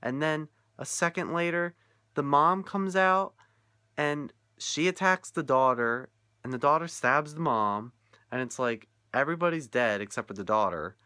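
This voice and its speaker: Young male vlogger, casual rant, exasperated, bright tone, dry close sound. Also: on the high side, moderate pace, clear, resonant tone, no echo. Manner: incredulous, animated, laughing often. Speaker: vlogger reviewing a film.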